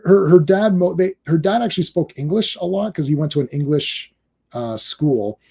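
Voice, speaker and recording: A man co-hosting a casual movie discussion, rambling and animated with quick asides. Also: a little high, breathy edge. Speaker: podcast co-host.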